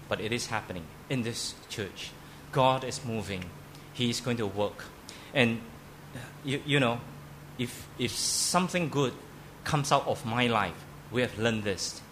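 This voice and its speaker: A man's voice: medium pitch, fairly bright tone, a little hiss or hum. A man preaching a sermon as pastor in a church, emphatic, often repeating and restarting words.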